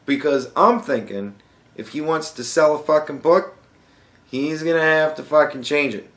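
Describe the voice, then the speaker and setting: A young male podcast host with a slightly high, fairly bright voice speaks at normal speed. He's ranting sarcastically and swearing constantly, and the room echoes around him.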